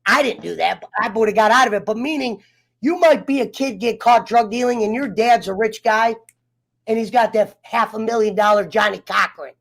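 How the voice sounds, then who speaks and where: A man's voice: high voice, moderate pace, creaky, a bit bright. A man telling a personal story in casual chat, heated and profane, getting fired up as he talks. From United States. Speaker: round table guest.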